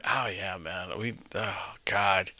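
A man co-hosting a podcast, telling crude prank stories in casual chat and loudly acting out the quotes. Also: sits low, slow pace. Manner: crude, boisterous storytelling with loud acted-out quotes. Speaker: podcast co-host.

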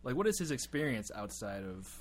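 A man's voice: medium pitch, big pitch swings, a little fast. A man hosting a comedy podcast, chatting casually, joking and laughing often as he mock-interviews a guest. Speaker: podcast host.

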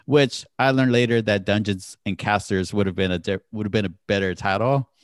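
A man co-hosting a casual podcast, his voice sitting on the low side. He talks with enthusiasm and laughs easily, recorded dry and close to the mic. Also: a little fast, dry recording. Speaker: podcast co-host. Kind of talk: casual chat.

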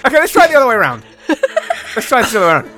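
Bright, lively man coaxing in role-play. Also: very high-pitched, very fast. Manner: patient, laughing, exaggerated coaxing. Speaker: tabletop game player. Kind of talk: in-character improvised role-play.

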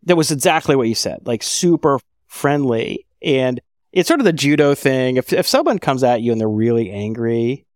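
A man's voice: mid-range voice, lively intonation, normal speed, no room sound. Man telling long stories in a dry room. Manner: rambling storyteller, acts out emails he quotes. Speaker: podcast co-host. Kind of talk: casual podcast conversation.

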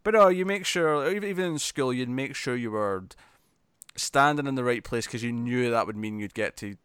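A man's voice: mid-range voice, normal speed, fairly bright tone, clear, resonant tone, no echo, clean studio sound. A man chatting casually as a podcast co-host, laughing and acting out characters' lines as he recaps an episode.

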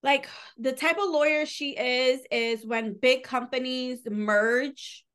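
Woman, slightly high voice, loose rambling podcast book recap, lots of "like". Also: steady tone, slow pace, a bit bright, clean tone. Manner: chatty, rambling, heavy use of "like", casual swearing. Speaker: podcast co-host reviewing books.

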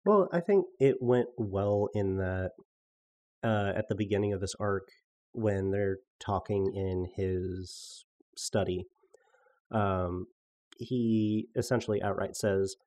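A man's voice: on the low side, takes it slowly, dark tone. A man co-hosting a podcast, chatting casually, thoughtful and hesitant with dry jokes. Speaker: podcast co-host and player.

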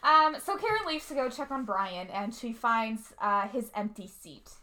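A woman's voice: a little high, normal speed. A woman co-hosting a casual chat, retelling a movie plot with frequent laughter. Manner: laughs often, animated storytelling. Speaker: podcast co-host recapping a movie.

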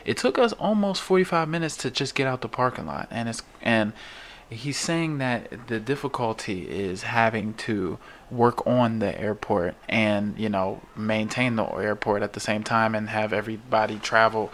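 A man's voice: on the low side, normal speed, hardly any pauses, a little hiss or hum. A man hosting a casual podcast chat, rambling loosely with jokes and fillers. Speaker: podcast host reading news.

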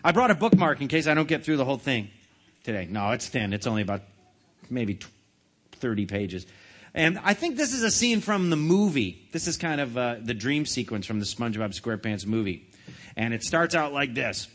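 A man's voice: mid-range voice, fairly quick. A man playfully reading a picture book aloud to children, joking in between. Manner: playful, jokey, animated. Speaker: storybook reader for children.

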